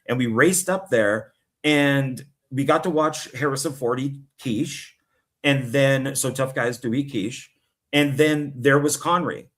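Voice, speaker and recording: A man's voice: medium pitch, a little slow. A middle-aged man co-hosting a casual live stream, rambling through stories and acting out quotes. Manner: rambling storyteller, animated, acts out quotes. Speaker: co-host.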